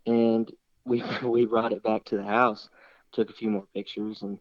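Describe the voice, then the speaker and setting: A man's voice: on the low side, little pitch movement, measured pace, no echo. A young man telling a story casually in an interview, rambling along with many restarts and fillers. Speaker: interview guest, hunter. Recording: slightly dull, dry recording.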